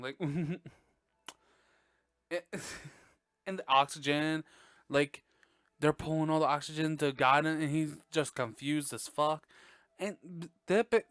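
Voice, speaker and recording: A young man with a slightly high, smooth voice, recorded close and dry in his bedroom. He rants casually and profanely about a film, laughing often and getting worked up. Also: fairly bright tone, no echo. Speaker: podcast host. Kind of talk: casual movie review chat. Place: dark bedroom at home.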